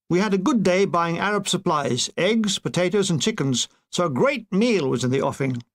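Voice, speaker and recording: A man reading a war memoir aloud as an audiobook, telling it in a wry, expressive way. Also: high voice. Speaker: audiobook reader.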